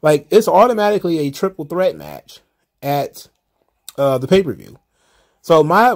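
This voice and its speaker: Man, somewhat high voice, casual solo commentary, rambling, wry, exasperated. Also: sing-song, measured pace. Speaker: wrestling commentary host.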